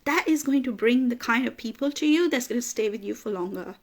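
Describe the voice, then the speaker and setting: Fairly high-pitched and fairly quick, with lively intonation, a woman business coach gives a motivational talk full of emphasis and repeated phrases. She becomes emotional at points, laughing while tearful.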